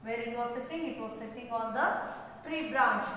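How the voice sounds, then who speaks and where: A woman teacher explaining an English poem slowly and repetitively, switching into Kannada to explain words. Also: fairly high pitch, pushed and bright, slight background noise. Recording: echoey far-off room recording.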